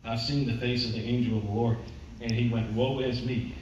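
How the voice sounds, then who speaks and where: A man's voice: medium pitch, flat delivery, fairly quick, a little mellow, slight background noise. Man preaching in an echoey church. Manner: conversational storytelling, acts out quotes. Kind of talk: sermon teaching. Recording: distant mic, echoey church hall, dull.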